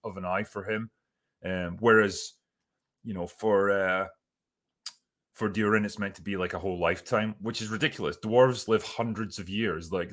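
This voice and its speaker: Low-voiced man ranting sardonically. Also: a bit bright. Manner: sardonic and profane, with many fillers. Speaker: host reviewing a TV series. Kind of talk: casual spoken review.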